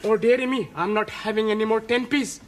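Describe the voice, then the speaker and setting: A man's voice: high-pitched, steady tone, a little fast. A man in a sitcom, fussy, speaking stilted formal broken English. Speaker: sitcom character, student. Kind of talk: sitcom acting. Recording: old TV sitcom audio, faint hiss.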